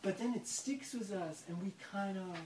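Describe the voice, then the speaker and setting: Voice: mid-range voice, normal speed, darkish tone, distant mic. A person retelling a story in conversation, reflective and searching for words. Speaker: participant in a spiritual discussion. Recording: echoey room, voice off mic, faint noise.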